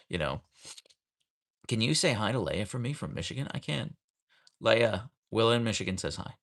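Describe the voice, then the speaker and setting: Gravelly, animated man chatting with live viewers. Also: on the low side, a little fast. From United States. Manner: chatty, greets viewers by name, reads comments aloud. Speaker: livestream host reading chat. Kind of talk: casual livestream chat. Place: home, rainy day. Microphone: camera on a tripod.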